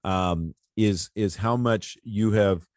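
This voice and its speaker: A man hosting a church interview show, speaking in a halting way and repeating words as he starts his thoughts. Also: lowish voice, slight background noise. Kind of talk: conversational interview.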